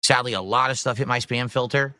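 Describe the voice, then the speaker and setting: A man with a bright, forceful voice talks loosely and at length as he hosts a casual livestream. He reads out donor messages as he goes, and the sound is dry and close. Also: medium pitch, steady tone, brisk, no echo. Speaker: streamer host.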